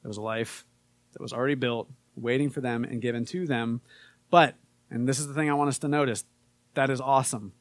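A man giving a casual sermon in an easygoing, conversational way, dropping in fillers as he talks. His voice sits at an ordinary pitch for a man. The recording is close and dry, with no room echo. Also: a little fast. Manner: conversational, relaxed, with frequent fillers. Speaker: pastor.

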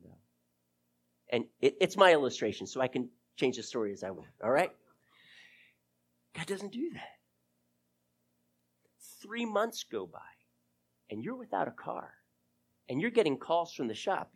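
A pastor preaching a sermon to his church, acting out prayers and conversations in an animated way and dropping to a hushed voice at times. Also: on the high side, measured pace, long pauses, slightly rough.

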